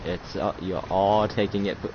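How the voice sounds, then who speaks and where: A man's voice: sits low, steady tone, lightly acted. A man putting on a preachy Russian-accented ghost commander. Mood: solemn. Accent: put-on Russian. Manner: slow, lecturing and accusing. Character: ghostly male commander posing as a Russian leader, accusing and preachy. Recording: muffled lo-fi, loud noise.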